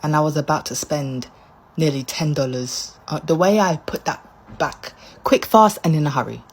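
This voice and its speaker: A British woman rants straight to the camera in a lowish, husky voice. She talks in a mock-outraged, exclaiming way and repeats words for comic weight. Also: moderate pace. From United Kingdom. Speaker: visiting vlogger. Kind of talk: animated ranting to camera.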